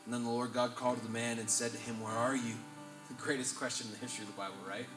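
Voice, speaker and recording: A man preaching a sermon to a live gathering. He reads scripture aloud and builds to loud, emphatic peaks. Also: mid-range voice, little pitch movement, very fast. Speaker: pastor. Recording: roomy hall, distant mic, live guitar behind. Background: soft guitar playing.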